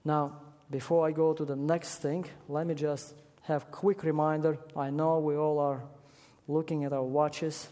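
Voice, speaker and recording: A man preaching with emphatic force, his fairly high voice climbing to loud peaks on key words. He speaks in a church or large hall, and a long echo trails each phrase. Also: flat delivery, a little slow. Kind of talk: sermon. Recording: echoey hall.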